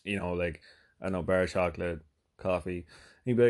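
A man's voice: low voice, brisk, darkish tone. A man hosting a podcast, telling a rambling comedic story full of swearing and fillers. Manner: rambling, profane, lots of fillers. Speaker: podcast host.

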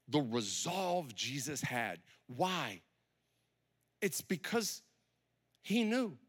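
A man preaching a sermon, retelling a story with lively, acted-out quotes. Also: mid-range voice, slow. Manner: animated, acts out scenes with quoted voices. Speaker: pastor.

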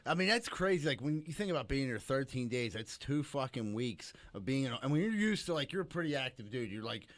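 A man's voice: medium pitch, big pitch swings, brisk, a bit bright, dry recording. A man co-hosting a casual podcast, joking and teasing, chiming in often with profane banter.

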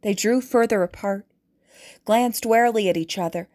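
A woman reading a novel aloud as audiobook narrator, in a measured, deliberate way. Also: medium pitch, a little mellow.

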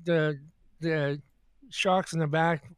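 Hesitant, high-voiced man rambling. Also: steady tone, smooth, dry recording, clean studio sound. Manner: halting, repeats words and says "you know" often. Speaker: podcast co-host. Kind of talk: casual group banter.

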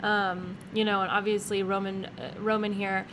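A woman's voice: medium pitch, little pitch movement, normal speed, fairly bright tone, a little hiss or hum. A woman in casual chat, agreeing often and searching for words as she compares artists. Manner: agreeable, frequent backchannel replies. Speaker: co-host.

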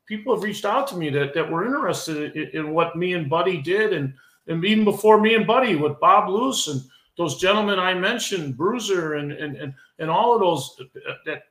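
A man's voice: a little high, expressive, moderate pace, a bit bright. A middle-aged man, a veteran wrestler guesting on a podcast, speaking emotionally and heatedly, repeating and restarting his words. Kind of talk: podcast interview. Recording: echoey room.

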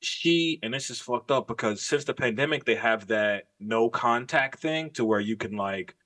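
A man's voice: mid-range voice, normal speed, a bit bright. Man telling a story, profane and emphatic. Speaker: podcast co-host. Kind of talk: casual podcast chat.

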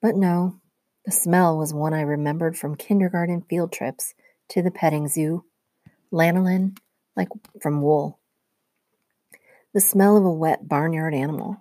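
A woman teacher reads a novel aloud to her class in a low, mellow voice. Her narration is steady and even, recorded dry with no room sound. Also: unhurried, pauses often, no echo.

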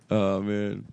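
Young man, podcast co-host, crude joking, mid-pitched voice, casual banter. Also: warm tone, slightly rough. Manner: crude, laughing, riffing. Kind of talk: casual comedy chat.

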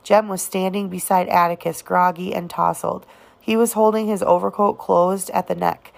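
A woman narrating an audiobook of a novel, reading in a halting way with occasional restarts on words. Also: on the low side, fairly even intonation, gravelly. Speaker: audiobook reader.

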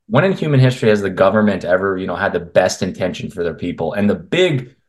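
A deep-voiced man with lively intonation talks quickly as a guest on a video call from home in Canada. He's a men's health coach, and in this relaxed interview he offers strong, blunt views in long, meandering stretches.

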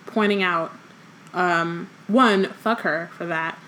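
A woman's voice: on the low side, slow, a bit bright, slight background noise, low-quality recording. A woman co-host reading a novel aloud and discussing it, blunt and swearing casually. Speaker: podcast co-host.

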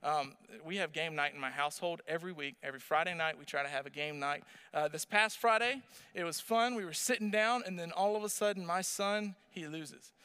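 A man in his thirties preaching a sermon, telling a family story with animated energy and asking the audience questions. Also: fairly high pitch, brisk, clean tone. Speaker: pastor.

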